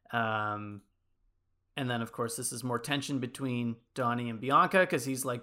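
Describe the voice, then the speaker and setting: Bright, smooth-voiced man rambling through a pitch. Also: steady tone, brisk. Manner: rambling storytelling full of likes and ums. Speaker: podcast co-host pitching a movie sequel. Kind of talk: casual chat.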